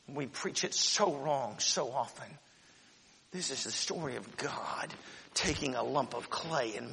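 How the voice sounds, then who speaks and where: A man in his forties preaching a sermon, swinging between shouted proclamation and quiet, close talk. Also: on the high side, husky, long reverb tail. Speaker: pastor.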